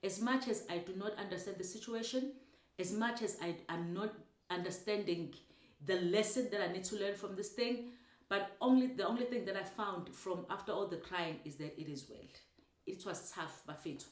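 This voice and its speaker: A woman's voice: mid-range voice, moderate pace. Emotional South African woman, echoey room. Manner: emotional, repetitive, mixing in isiZulu words. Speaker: speaker sharing a personal story. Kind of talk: personal testimony.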